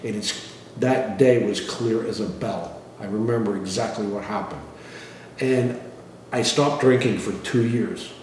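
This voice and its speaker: A middle-aged man casually telling a personal testimony in a plain, relaxed way, often clearing his throat and restarting. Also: lowish voice, measured pace. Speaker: father sharing a personal testimony. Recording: echoey room, voice from some distance, faint noise.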